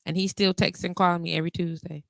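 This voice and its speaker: A woman's voice: fairly low pitch, fast talker, vocal fry, dry recording. A woman, hosting a casual live call-in show and talking candidly, with frequent laughter. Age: 40s. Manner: candid, animated, laughs often, reads comments aloud. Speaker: internet radio talk show host.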